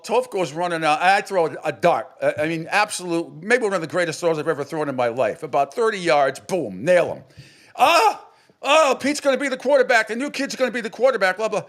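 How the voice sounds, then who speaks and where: This is casual storytelling from a middle-aged sports radio host from New England, whose meandering tale is full of restarts and performed quotes. He speaks on the high side with a somewhat bright tone.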